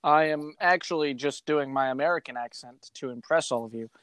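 A man's voice: fairly high pitch, fairly quick, a bit bright, clean tone, no echo, close to an everyday voice. A man playing a boastful, rambling British explorer captain in a put-on British accent for an improvised comedy podcast. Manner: rambling, boastful, full of fillers.

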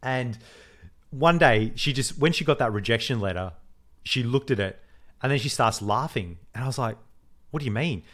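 A man, co-hosting a podcast and telling a story in casual chat, animated, swearing freely and acting out the voices he quotes. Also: medium pitch, normal speed. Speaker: podcast co-host.

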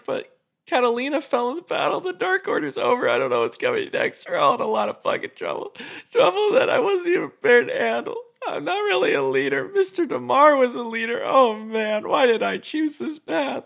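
A man voicing a distraught male necromancer who sobs and wails in a high, loud voice. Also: sing-song, brisk, gravelly, full character voice. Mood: sobbing panic. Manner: wailing, high-pitched, loud.

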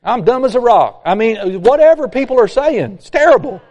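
A man preaching a sermon, folksy and animated, acting out complainers. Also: very high voice, brisk, dull audio. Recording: long hall reverb.

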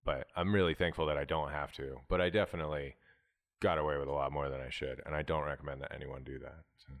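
A man's voice: extremely low pitch, steady tone, fast talker. A man chatting casually as a podcast guest, rambling and swearing freely. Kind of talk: casual chat.

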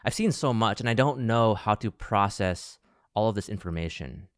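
Smooth, dry-voiced American man interviewing. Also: fairly low pitch, expressive, moderate pace, no room sound. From United States. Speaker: interview host. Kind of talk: casual interview talk.

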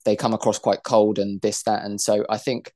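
A man's voice: fairly low pitch, level tone, normal speed, warm tone, dry recording, studio quality. A young man hosting a podcast interview, affirming his guest and stumbling over repeated words as he starts sentences. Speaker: podcast host. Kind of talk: casual interview chat.

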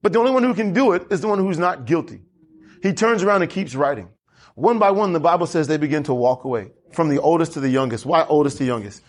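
A man preaching a lively sermon as pastor, asking the congregation questions and drawing answers back. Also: on the high side, fast. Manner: animated preaching with congregation call-and-response.

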